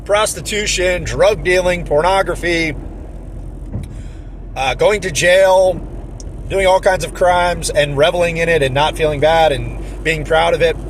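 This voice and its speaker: A man with a fairly high voice speaks in an indignant, sarcastic commentary style, mocking the people he quotes. Faint traffic noise hums behind him, as if he records near a road. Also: measured pace. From New Jersey. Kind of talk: opinion commentary.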